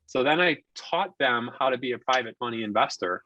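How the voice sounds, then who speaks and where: A man's voice: mid-range voice, a little fast, hardly any pauses, dry recording, lo-fi sound. A man in his forties telling a story as a podcast guest, talking casually and acting out the people he quotes. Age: 40s. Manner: animated storyteller who acts out quoted dialogue. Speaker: podcast guest, investor and contractor.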